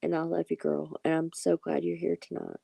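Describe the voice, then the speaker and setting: Gravelly, dark-voiced woman streamer. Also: low voice, level tone, fairly quick, dry recording. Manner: reassuring, talks directly to viewers by name. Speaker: tarot reader hosting a live stream. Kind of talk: casual live-stream chat.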